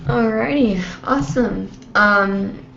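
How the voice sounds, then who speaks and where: A woman's voice: medium pitch, slow, gravelly, music in the background. Chatty woman hosting a roomy lo-fi livestream. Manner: rambling and chatty, with many fillers. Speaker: host of a live online show. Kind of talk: casual live-stream chat.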